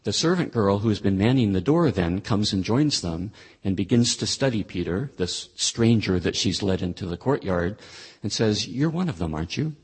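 A man with a low, husky voice teaches a Bible lesson. He talks it through conversationally, pausing and restarting as he thinks. His delivery stays plain and explanatory. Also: animated. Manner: thoughtful, conversational, with frequent restarts. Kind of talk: explaining a scripture passage.

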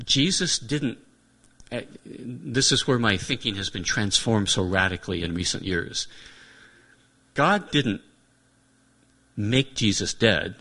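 Male preacher, earnest and reflective, slightly low voice, restates his points. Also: sharp tone. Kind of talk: sermon.

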